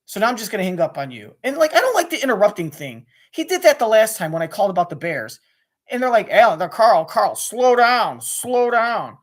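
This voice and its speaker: A young man venting to camera about sports radio hosts, his talk fast and restless. He swears freely and trips over his own sentences as he pushes to get every point out. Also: high voice, wildly swooping pitch. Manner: rapid, restless, with many restarts and swearing. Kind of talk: angry profane rant to camera.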